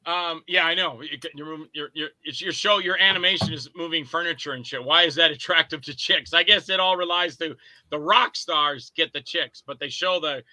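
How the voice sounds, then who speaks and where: A man's voice: fairly high pitch, normal speed, sharp tone, no room sound. A man guesting on a podcast, chatting casually and rambling through stories where he acts out both sides of conversations. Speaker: podcast guest, indie filmmaker and actor. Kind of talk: casual chat.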